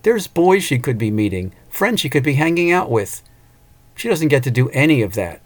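A man's voice: medium pitch, very animated, moderate pace, no room sound, lightly acted. A man voicing a lonely, wistful older farmer who talks plainly with a rural turn of phrase.

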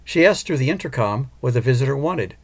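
A man narrating an audiobook in a calm, measured way. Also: mid-range voice.

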